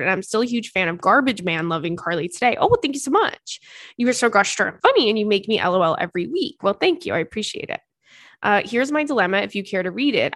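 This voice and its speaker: A woman's voice: medium pitch, a bit bright, no echo. Thirtysomething woman podcaster, blunt and chatty, swears a lot, dry close mic. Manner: candid, swears freely, quick asides. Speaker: podcast host. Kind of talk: casual chat, reading listener letters.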